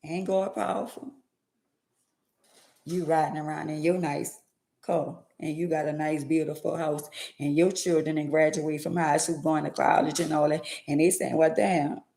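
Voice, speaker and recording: A woman's voice: deep voice, little pitch movement, normal speed, vocal fry, dark tone, roomy sound. A woman vlogger giving an emphatic, preachy faith-based motivational monologue with lots of repetition.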